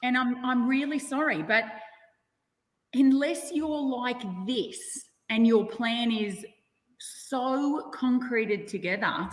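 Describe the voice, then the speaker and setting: A woman guest chatting excitedly and emphatically, often laughing, about her own time on the show. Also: fairly high pitch, takes it slowly. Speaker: guest, former castaway. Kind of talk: casual chat. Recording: echoey room with long reverb.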